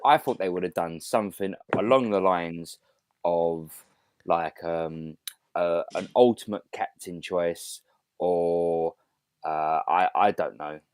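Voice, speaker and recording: A man's voice: low-pitched, takes it slowly, smooth, no echo. A man co-hosting a podcast over a video call, ranting in exasperation in casual chat. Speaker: podcast co-host.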